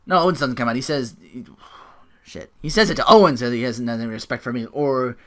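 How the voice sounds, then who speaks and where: Solo podcaster ranting through a recap: lively pitch, bright edge, swears freely, self-mocking. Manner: profane, ranting, quick asides; self-deprecating, laughs at own jokes. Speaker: podcast host.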